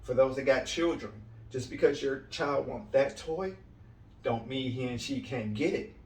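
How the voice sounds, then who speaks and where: A man's voice: medium pitch, measured pace, darkish tone. A man delivering a blunt motivational coaching talk. He keeps checking in with his listeners and hammers his key lines home by saying them twice. The sound is roomy and picked up from some distance off the mic. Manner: blunt and direct, ends points with "right?" and "okay?"; repeats key lines for emphasis. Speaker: cleaning business coach.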